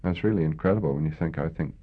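An older Canadian man recalling his wartime service in an oral history interview, reflective and hesitant, with many pauses and fillers. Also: extremely low pitch, breathy edge. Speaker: veteran interviewee. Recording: tinny phone-like lo-fi recording.

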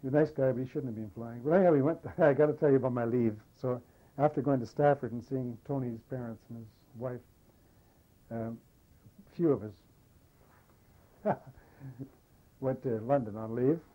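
An older man recounting wartime memories in an oral history interview, a lively storyteller who acts out the dialogue. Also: mid-range voice, moderate pace, long pauses, muffled recording. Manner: lively anecdotal storyteller, animates quoted dialogue. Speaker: war veteran interviewee.

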